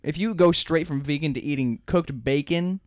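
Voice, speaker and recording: A young man co-hosting a podcast, making absurd jokes with a deadpan delivery. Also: a little high, moderate pace, dry recording, studio quality. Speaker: podcast co-host. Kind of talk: casual comedic banter.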